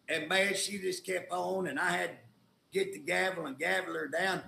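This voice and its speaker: Indignant Oklahoma legislator, folksy talker with a higher pitch and a gravelly edge; echoey room. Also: male voice, steady tone, normal speed, sharp tone, slight background noise. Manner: folksy, indignant storytelling with colloquial grammar. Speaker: state legislator, guest. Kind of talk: casual talk show conversation.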